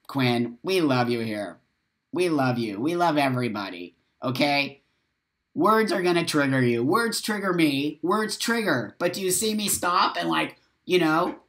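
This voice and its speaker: Running a laid-back live stream, this man reads out viewer comments and fires back heated, emphatic answers, swearing freely and addressing viewers directly. Coffee has him wired despite little sleep. His voice is a little high, pushed and bright.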